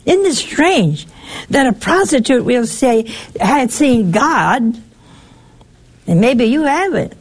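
A woman, older, preaching a sermon with lively, teasing rhetorical questions. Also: high voice, measured pace.

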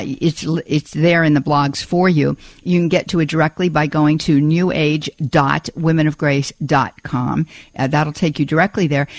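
A woman hosts a Catholic call-in radio program from a studio. Her delivery is earnest and measured, and she often repeats a word while she looks for the next one. The sound is dry, with no room echo. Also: deep voice. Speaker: radio show host. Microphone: studio microphone.

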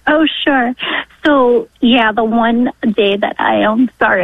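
Caller, woman in her 40s, high voice, thin phone-line sound, halting and emotional. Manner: emotional, halting, sometimes tearful. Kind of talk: call-in radio testimony. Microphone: telephone. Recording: dry tinny phone line.

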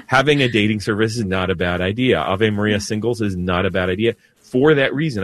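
A male priest with a low-pitched voice, answering callers on a radio show in an easygoing, conversational way. He often circles back and restarts his sentences mid-thought. The studio sound is dry and close. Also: dry recording. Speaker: Catholic priest hosting a call-in radio show. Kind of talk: call-in advice talk.

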